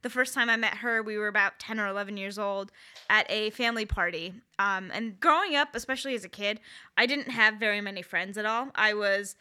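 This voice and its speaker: A woman's voice: medium pitch, fairly quick, sharp tone, smooth. A woman in her thirties co-hosting a podcast, talking in a candid, wry and self-deprecating way. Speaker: podcast co-host. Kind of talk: casual chat.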